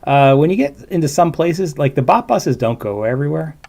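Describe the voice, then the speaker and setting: A man's voice: fairly high pitch, sing-song, a little fast, vocal fry, mellow. A man hosting a casual livestream, commenting on a video in a rambling, chatty way full of asides. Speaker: livestream host reacting to a video.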